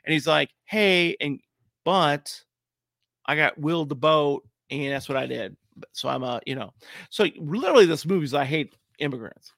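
A man co-hosting a podcast, chatting casually about a movie, animated and laughing often. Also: a little high, moderate pace, vocal fry, dry recording, studio quality. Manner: animated, laughs often, puts on silly voices. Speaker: podcast co-host.

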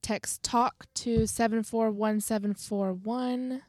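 A woman's voice: a little high, steady tone, takes it slowly, a little mellow, dry recording, clean studio sound. A woman from Texas with a Texan accent, a podcast guest who chimes in playfully and reads out a notice. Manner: playful, chiming in. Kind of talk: casual chat.

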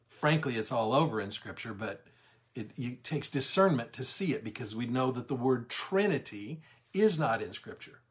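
His medium-pitched voice carries lively intonation as he hosts a Bible study livestream. The middle-aged man is emphatic, drags out key words, and greets each viewer who joins.

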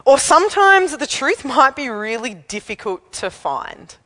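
A woman's voice: sits high, very animated, unhurried, bright, forceful tone, big-room sound. A woman preacher giving an evening sermon, chatty and candid, telling a personal story and laughing at herself.

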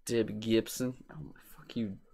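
A man's voice: lowish voice, slow pace, creaky, mellow. A man in casual chat, blunt and swearing freely, making dry jokes while ranking bands.

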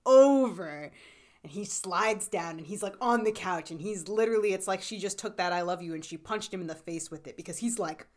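Casting: young woman podcast co-host, loose and giggly, mid-pitched voice. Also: brisk. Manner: chatty, laughs often, many fillers. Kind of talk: casual recap chat.

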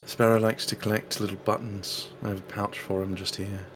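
A man's voice: fairly low pitch, flat delivery, normal speed, background noise. A young man playing a tabletop game, talking in a hesitant way with lots of fillers and laughs. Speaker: tabletop player. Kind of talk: in-character tabletop play.

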